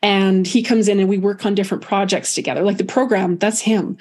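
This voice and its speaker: A woman speaking as a guest medium, telling a personal story softly and thoughtfully. Her voice sits at an ordinary middle pitch, and she often pauses and starts her sentences again. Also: steady tone. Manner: halting, many restarts, soft and reflective.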